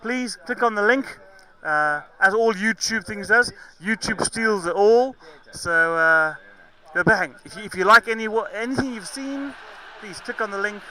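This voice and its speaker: A man's voice: high voice, measured pace, hardly any pauses, sharp tone, low-quality recording. A man from Zambia with a mixed southern African and English accent, giving chatty, jokey live cricket commentary. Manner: chatty, jokey, self-correcting.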